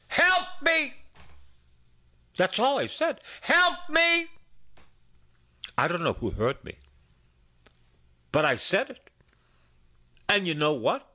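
A middle-aged man preaching a sermon as a priest, with emphatic repetition and wide swings of his voice. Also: pushed and bright. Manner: slow, sweeping pitch swings with emphatic repetition.

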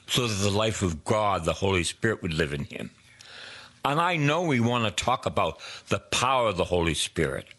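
Slow, emphatic male preacher. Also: deep voice, breathy edge. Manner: slow, emphatic preaching with soft whispered prayers. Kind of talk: sermon.

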